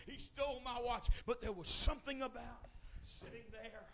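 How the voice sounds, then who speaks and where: A middle-aged man preaching a revival sermon in a church, moving from relaxed storytelling to shouted, fervent calls. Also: very high-pitched, a little fast, vocal fry, hardly any pauses. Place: church sanctuary.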